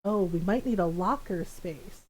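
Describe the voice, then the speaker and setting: A woman's voice: lowish voice, unhurried, a little hiss or hum, poor audio. A woman live-streaming, chatting casually while she games, laughing often and acting out the voices of the people in her stories. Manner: animated, acts out family members' voices. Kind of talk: casual chat while gaming.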